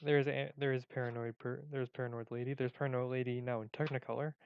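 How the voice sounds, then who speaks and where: A man's voice: mid-range voice, level tone, fast talker, muffled recording, slight background noise. A man in a casual vlog who rambles and jokes at his own expense. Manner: rambling, joking, self-mocking. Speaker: video creator.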